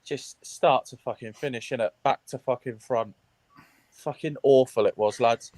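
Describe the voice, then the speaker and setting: A man's voice: medium pitch, normal speed, a little mellow, no room sound. A man calling into a fan show, furious and blunt, swearing and mocking the team. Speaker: guest fan. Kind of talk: heated football fan rant.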